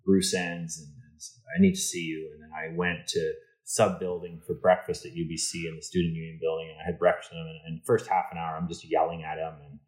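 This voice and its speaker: A middle-aged man with a low, deep voice shares workplace stories in a relaxed interview. He slips into quoted dialogue with energy. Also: a little fast, low-quality recording. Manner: animated anecdotes, acts out quoted dialogue. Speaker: insurance executive, podcast guest. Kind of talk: casual storytelling interview.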